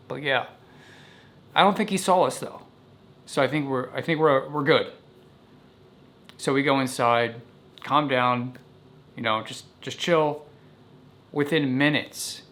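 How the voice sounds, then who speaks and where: Man, casual storytelling, animated, bright tone, mid pitch. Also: a little slow, long pauses. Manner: animated, vivid recounting.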